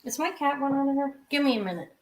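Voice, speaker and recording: A middle-aged woman with a somewhat high voice talks loosely and warmly as she runs a live jewelry sale. She rambles from piece to piece with fillers and little asides. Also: animated, fast, background noise. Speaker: live jewelry auction seller. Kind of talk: casual live-stream selling chat.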